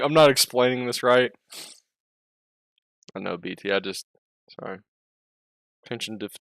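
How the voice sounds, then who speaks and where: A man in casual stream chatter, jumping between stories and interrupting himself, quick to swear and laugh. His voice sits in an ordinary middle pitch. The sound is dry and close, with no room around it. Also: no room sound. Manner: scattered, self-interrupting, swears a lot, laughs often. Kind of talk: casual rambling chat.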